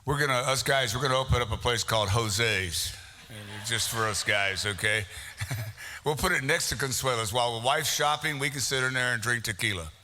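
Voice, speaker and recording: Brisk and sharp-toned, a medium-pitched man runs a prize raffle in a meeting hall, joking with attendees and announcing names. The big room gives his voice a lengthy echo.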